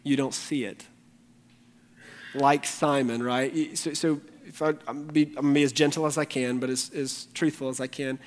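A man's voice: mid-range voice, steady tone, moderate pace. A male pastor preaching a morning sermon, speaking earnestly and pleading directly with his congregation. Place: church sanctuary during a morning service. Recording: long reverb of a large hall.

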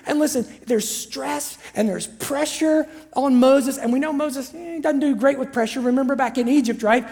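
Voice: high voice, normal speed, few pauses, darkish tone. A pastor preaching a sermon in a chatty, storytelling way, with frequent asides to the listeners. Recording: long hall reverb.

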